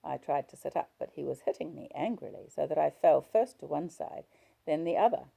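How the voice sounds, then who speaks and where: A woman's voice: sits low, expressive, a little fast, gravelly, mellow. A woman reading a novel aloud, narrating in first person. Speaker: audiobook reader.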